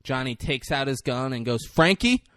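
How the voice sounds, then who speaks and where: Podcast co-host, young man, crude banter, mid pitch, dry close sound. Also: lively intonation, fairly quick, fairly bright tone, dry recording. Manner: crude, joking, acts out movie lines in mock voices. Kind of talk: casual chat recapping a movie.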